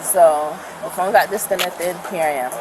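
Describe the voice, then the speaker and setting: A woman, a friend of the victim, gives an animated retelling to police outdoors and acts out what people said. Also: lowish voice, normal speed. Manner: animated retelling, acting out quotes. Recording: body cam audio with street noise.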